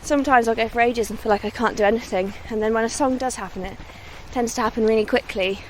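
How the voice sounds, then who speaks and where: A woman's voice: on the high side, fairly even intonation, fast talker, a little hiss or hum. Modest young woman chatting on a country walk. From West Midlands, England. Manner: chatty and modest, laughs often. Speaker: singer-songwriter guest. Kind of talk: casual outdoor interview on a walk. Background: faint outdoor ambience and distant vehicles.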